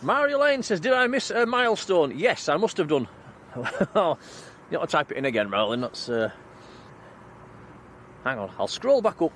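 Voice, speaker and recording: A man's voice: on the high side, sing-song, normal speed, fairly bright tone, a little hiss or hum. A man hosting a live stream outdoors, chatting and thanking viewers by name. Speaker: livestream host. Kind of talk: live stream chat, reading comments. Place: outdoors at night near an airport.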